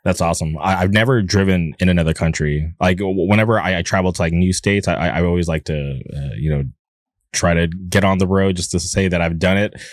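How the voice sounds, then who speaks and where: A man from California hosting a podcast, asking questions in a halting way with many fillers and repeated words. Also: low-pitched, no room sound, clean studio sound. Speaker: podcast host. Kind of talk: casual interview chat.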